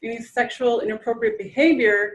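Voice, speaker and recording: A woman in her thirties leads a training session, with a fairly high voice. She talks casually to the audience, restarting her sentences and slipping into little acted quotes. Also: fairly even intonation, brisk, poor audio. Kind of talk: informal lecture to an audience.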